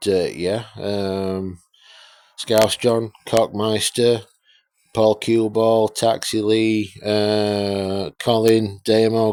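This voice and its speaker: A man talks through his radio restoration at his own unhurried pace, his voice sitting very low. He rambles, swears and pokes fun at himself while calling out names to viewers. The sound is close and dry. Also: darkish tone, no echo. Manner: rambling, sweary, self-deprecating. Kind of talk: casual workshop vlog talk with shout-outs.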